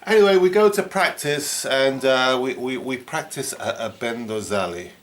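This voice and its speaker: A man's voice: mid-range voice, normal speed. A middle-aged man, casually reminiscing about a trip in a rambling, chuckling way, full of "you know". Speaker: storyteller recalling a trip. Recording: roomy echo with faint background noise.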